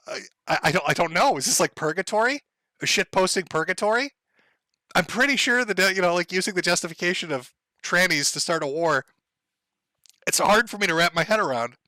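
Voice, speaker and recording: A man's voice: fairly high pitch, bright, forceful tone, no echo. A man ranting casually to his live chat, rambling and profane, laughing as he goes. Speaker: streamer.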